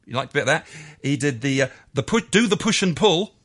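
A man's voice: fairly high pitch, lively intonation, brisk, fairly bright tone. Jokey rambling male radio DJ. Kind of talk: chatty music picks on radio.

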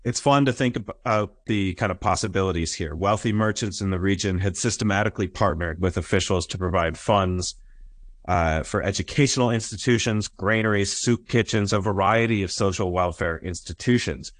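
A man giving an academic history lecture in an explanatory way, often pausing on "uh" and checking in with "right?". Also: low-pitched, no echo. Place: lecture recording.

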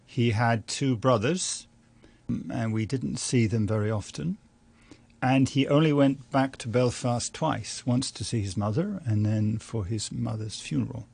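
An older man, a journalist and writer from London, telling a family story in an interview at a measured, reflective pace. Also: medium pitch, gravelly, a little mellow, husky, no echo. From London, England. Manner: measured, anecdotal, with small restarts and light laughs.

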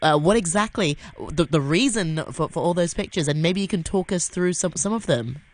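A woman hosting a radio show, chatting with a guest in a friendly, halting way with small restarts. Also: on the low side. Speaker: radio host. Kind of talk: radio chat.

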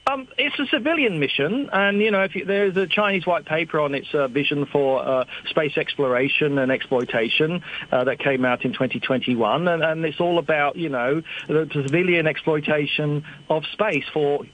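A man's voice: fairly high pitch, normal speed, few pauses, lo-fi sound. Older man explaining over an old phone. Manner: explains at length, digressive, self-deprecating. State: slightly hard of hearing. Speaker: expert guest. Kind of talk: radio phone interview.

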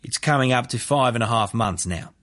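A man voicing a male doctor giving expert testimony in a calm, matter-of-fact way, read as a story. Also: mid-range voice, fairly quick, natural voice.

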